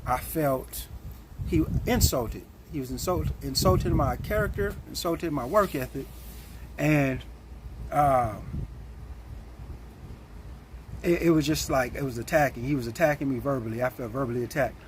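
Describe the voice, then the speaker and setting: A man telling a story in a casual, animated and blunt way, with plenty of slang. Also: medium pitch, moderate pace, long pauses, slight background noise.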